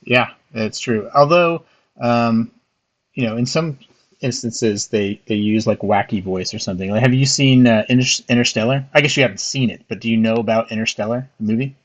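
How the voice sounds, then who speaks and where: A man's voice: medium pitch, moderate pace. A man hosting a casual chat, hesitant, repeating words and using many fillers. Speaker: host testing an AI.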